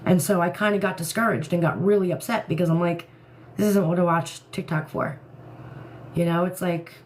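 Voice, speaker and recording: A woman hosting a casual live stream, ranting in an animated way and laughing often. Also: fairly low pitch, brisk, slight background noise.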